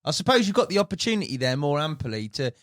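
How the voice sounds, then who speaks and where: A man's voice: a little high, sing-song, fast talker, fairly bright tone, no room sound, clean studio sound. A man hosting a fishing podcast, asking questions in a matey, teasing way and keeping the chat going. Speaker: podcast host. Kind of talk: casual interview chat. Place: podcast studio.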